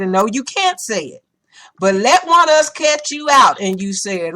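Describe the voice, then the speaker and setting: A woman hosting a podcast in casual opinion-show style, talking bluntly and profanely and telling animated stories. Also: on the high side, unhurried. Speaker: podcast host. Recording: podcast recording.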